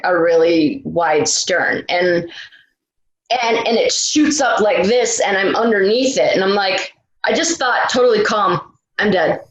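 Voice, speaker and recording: A woman, a retired rescue swimmer, telling a story in a casual interview, full of restarts and laughs. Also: mid-range voice. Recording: roomy, echoey room.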